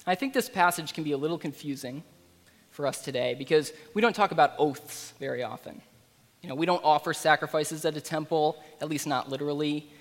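A man preaches a sermon in an easygoing, conversational manner, slipping in fillers and asides. His voice sits fairly high for a man. A long reverb trails behind each phrase, as in a large hall. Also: fairly quick.

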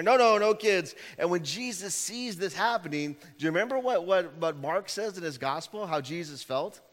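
Pastor in a reverberant church hall. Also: male voice, high voice. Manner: conversational storytelling, animated. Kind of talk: sermon with a joke.

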